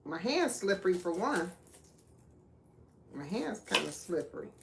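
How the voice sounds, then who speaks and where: A woman's voice: fairly low pitch, very animated, measured pace, creaky, background noise. A woman hosting a live cooking stream, chatting casually with viewers and laughing often. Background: clinking dishes and cutlery.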